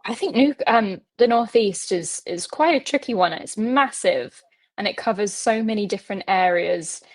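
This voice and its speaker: A woman's voice: medium pitch, animated, normal speed. Friendly woman guest on a podcast. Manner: friendly, laughs easily, hesitant fillers. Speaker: interview guest, researcher. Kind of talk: casual interview chat.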